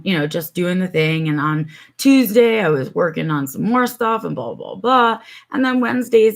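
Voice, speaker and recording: A woman's voice: low-pitched, gravelly, fairly bright tone. A middle-aged woman chatting on her live stream from home, telling a long story with many ums and asides to her viewers.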